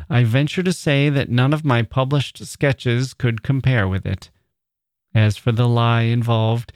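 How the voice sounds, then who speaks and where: Slow, warm-voiced male story reader. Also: lowish voice, no room sound, studio quality. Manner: measured, expressive literary reading. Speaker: podcast host and reader. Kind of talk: reading a classic short story aloud.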